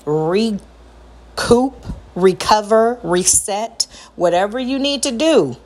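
A middle-aged woman with a high voice, talking earnestly about parenting and repeating phrases for emphasis. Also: animated, slow, darkish tone. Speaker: parent sharing advice. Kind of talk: personal talk to camera.

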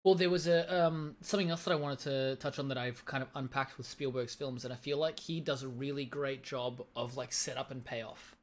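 A man with a mid-range voice shares analytical observations in a relaxed podcast conversation. He builds his points carefully and thoughtfully. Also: mid-range voice, brisk, hardly any pauses, slight background noise. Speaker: podcast co-host. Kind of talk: casual film discussion.

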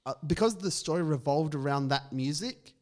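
A man's voice: on the high side, animated, normal speed, a little mellow. A man co-hosting a casual fan podcast, opinionated and full of ums and restarts. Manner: opinionated, hesitant with many fillers. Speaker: podcast co-host.

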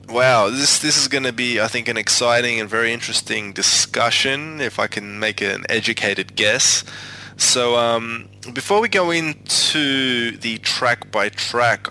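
A man's voice: medium pitch, gravelly, sharp tone, slight background noise, rough recording. A man hosting a music podcast, talking casually with many fillers and restarts. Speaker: podcast host.

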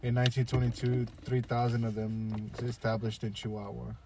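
A man co-hosting a casual podcast chat, laid-back and unhurried, often hedging. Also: medium pitch, completely flat delivery, music in the background. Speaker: podcast co-host. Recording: noisy background hiss.

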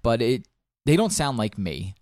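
Medium-pitched and sing-song, a young man talks at a measured pace with a darkish tone, in studio-quality audio with no room sound. He co-hosts a podcast, chatting casually and ramblingly about video games with many ums and false starts.

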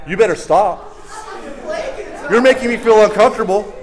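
A young man preaching a lively, joking sermon in a church, leading the congregation in call-and-response. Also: sits high, moderate pace, a faint crowd. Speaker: youth pastor.

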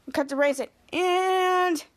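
A young woman hosts a podcast with a casual, rambling recap of an episode, moving from scene to scene. Her voice is high and very bright. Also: moderate pace. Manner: rambling, stringing scenes with "cut to". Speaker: podcast host.

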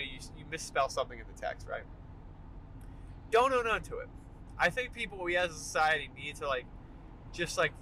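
A young man hosting a solo podcast from his car during a commute, ranting in an animated, emphatic way. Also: mid-range voice, poor audio. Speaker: podcast host. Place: in a car while driving. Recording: faint car noise behind. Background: car road noise.

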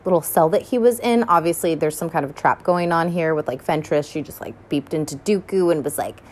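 A young woman chatting casually as she reacts to an animated film, rambling with lots of fillers and frequent swearing, sounding tired. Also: deep voice, brisk. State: tired and yawning. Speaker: first-time viewer reacting to an animated film.

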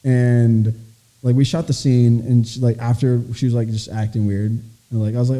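Rambling, profane young man with a dark voice. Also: mid-range voice, flat delivery, normal speed. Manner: rambling, heavy filler "like", profane. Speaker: guest performer. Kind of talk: casual storytelling chat.

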